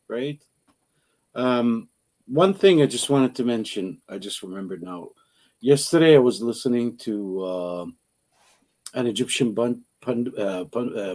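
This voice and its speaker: A man on a fan show explaining his view in a measured way, with fillers and stumbling self-corrections. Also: fairly low pitch, a little mellow, slightly rough. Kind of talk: casual live fan-show chat.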